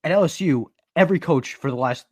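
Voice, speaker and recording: Steady analytical man on a podcast. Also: a little high, fairly quick, no room sound. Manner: steady, analytical, stats-heavy explaining. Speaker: podcast co-host. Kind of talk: casual sports podcast analysis.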